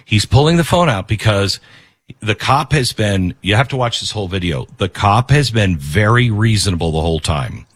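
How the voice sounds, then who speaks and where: A man's voice: lowish voice, lively intonation, normal speed, husky, no echo. A man hosting a commentary show, giving impassioned, preachy opinions.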